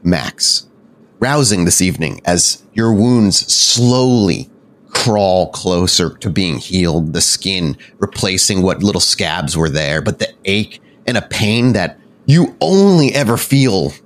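Game master, lowish voice, casual descriptive narration, restarts freely. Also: male voice, sing-song, measured pace.

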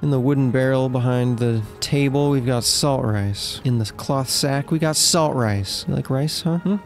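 Man, comedic gameplay commentary, mock-officious, exasperated, mid-pitched voice. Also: moderate pace, soft background music. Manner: mock-officious, indignant inspector act; exasperated outbursts. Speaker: gaming video host.

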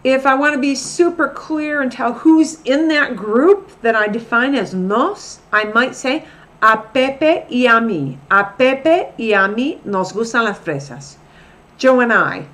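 A middle-aged woman teaching a recorded language lesson, explaining slowly and repeating each example sentence deliberately. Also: on the high side, lively intonation, fairly bright tone. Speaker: Spanish teacher.

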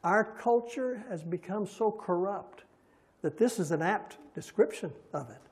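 A man preaching a folksy sermon, swelling loud and slow on scripture and dropping soft for homey asides, and leading the congregation in repeating lines. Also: sits high, expressive. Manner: folksy, chuckles at his own stories; leads the congregation in call-and-response. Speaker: pastor.

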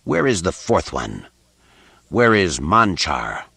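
A man voicing a stooped, hooded male Sith lord with a dry rasp, cold and used to instant obedience, in an audiobook. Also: deep voice, sing-song, takes it slowly, sharp tone, dry recording, full character voice. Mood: menacing. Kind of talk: audiobook character voice.

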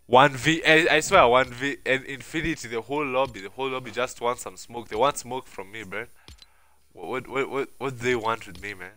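Excitable young man streaming a shooter. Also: medium pitch, fairly quick, no echo. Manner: excitable, swears and yells at the game. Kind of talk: live gameplay commentary.

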